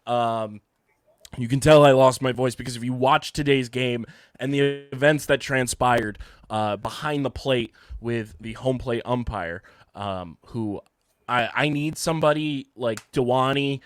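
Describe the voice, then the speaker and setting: A man hosting a casual sports podcast, hoarse from having partly lost his voice, ranting and joking at himself. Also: mid-range voice, a little slow, no echo. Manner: ranting, self-mocking banter. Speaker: podcast host. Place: home studio.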